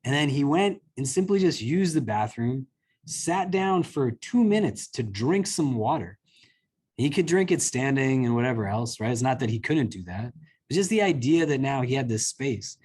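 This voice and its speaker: A man's voice: mid-range voice, animated, moderate pace, darkish tone, breathy edge. A man, an imam, giving an informal religious talk to a live group in a conversational, earnest way with lots of filler words. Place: community center hall.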